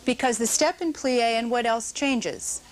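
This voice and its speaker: A woman's voice: on the high side, unhurried. A middle-aged woman teaching a dance notation class in a studio, coaching dancers and calling counts aloud.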